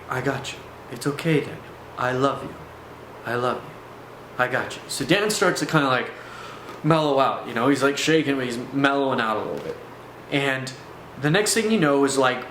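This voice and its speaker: A man vlogging a personal testimony, telling it in an animated way with many fillers. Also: mid-range voice. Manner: animated, filler-heavy storytelling. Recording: echoey room, faint background noise.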